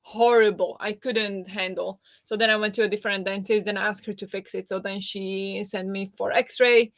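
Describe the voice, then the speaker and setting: A woman's voice: medium pitch, steady tone, moderate pace, dry recording. A woman hosting a casual livestream chat, talking with lots of fillers and reacting to viewer comments. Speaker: livestream host.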